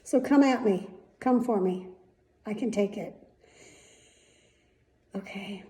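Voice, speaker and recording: A woman's voice: mid-range voice, slow, dark tone, roomy sound, rough recording. A middle-aged woman hosting her daily vlog, talking frankly and heatedly, swearing freely and admitting she is worked up. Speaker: vlogger, daily show host. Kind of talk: candid talking-head rant.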